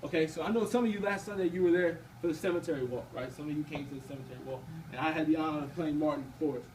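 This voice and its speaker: A man's voice: a little high, very fast, a little mellow. A man in his twenties gives a casual, conversational personal faith testimony at a campus ministry event, often checking in with the audience. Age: 20s. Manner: casual and conversational, often asking "you know what I mean". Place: event room at a campus gathering. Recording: distant mic with faint background noise.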